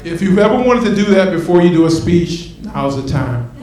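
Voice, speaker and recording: A man performing a stand-up comedy set, animated, acting out his bits and swinging between loud and soft. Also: high voice, fairly quick. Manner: animated, acts out bits with shifting loudness. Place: comedy club stage. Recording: echoey room from a distant mic, noisy.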